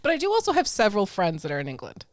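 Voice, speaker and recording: A woman's voice: mid-range voice, huge pitch swings, racing, no echo, clean studio sound. A woman co-hosting a podcast, chatting casually with a friend, laughing often and poking fun at herself. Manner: giggly, self-mocking, reads lyrics aloud. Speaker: podcast co-host. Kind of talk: casual chat.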